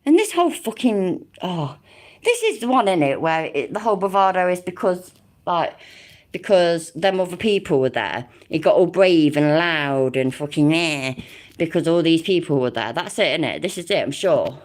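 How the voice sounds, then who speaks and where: A woman's voice: deep voice, expressive, moderate pace. A woman giving casual reaction commentary on a video, sarcastic and mocking, swearing freely.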